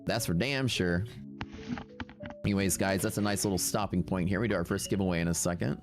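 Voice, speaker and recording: Low-voiced guy streaming his day trades, chill and slangy, bit of music under it. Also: fairly even intonation, very fast, a little mellow. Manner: upbeat, slangy, thinks aloud while reading his account. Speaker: day trading livestream host. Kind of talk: casual livestream commentary.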